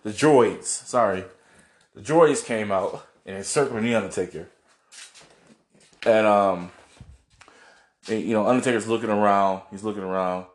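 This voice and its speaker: A man's voice: on the low side, a little slow, pauses often, echoey room. A man casually recapping a wrestling show on video, rambling, laughing and swearing as he goes. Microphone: camera mic, seen on video.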